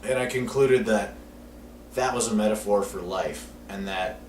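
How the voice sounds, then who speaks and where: A low-pitched man tells a rambling, profanity-laced story on a casual podcast. He sounds set back from the mic in an echoey room with noticeable background noise. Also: a little slow, recorded from a distance. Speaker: podcast co-host.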